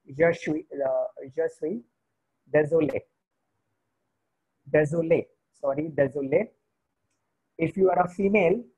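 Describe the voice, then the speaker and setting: Husky man teaching beginner vocabulary. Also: a little high, low-quality recording. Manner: slow, repeats each word, switches to Hindi to explain. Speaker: French teacher. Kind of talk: beginner language lesson.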